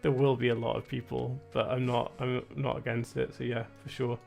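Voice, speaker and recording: A man's voice: mid-range voice, level tone, brisk, vocal fry, darkish tone. A young British man rambling wryly in casual gameplay commentary, with lots of filler words. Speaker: streamer. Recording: faint game music behind. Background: faint game music.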